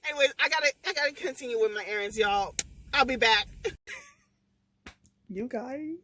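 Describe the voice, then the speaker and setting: A young woman vlogging, chatting excitedly and emotionally about a book she just read, talking straight to her viewers. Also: on the high side, moderate pace, a little hiss or hum, low-quality recording. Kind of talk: casual chat.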